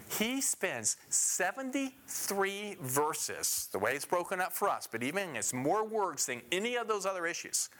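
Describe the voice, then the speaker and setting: A man's voice: high voice, pushed and bright. A man teaching a Bible passage verse by verse. He emphasizes key phrases and puts questions to his listeners before answering them himself.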